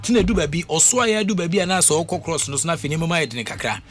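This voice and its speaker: A Ghanaian man talking casually on the radio as host, animated and repetitive, with many fillers. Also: fairly high pitch, fast, faint music behind. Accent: Ghanaian English. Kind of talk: casual radio talk mixing English and Twi.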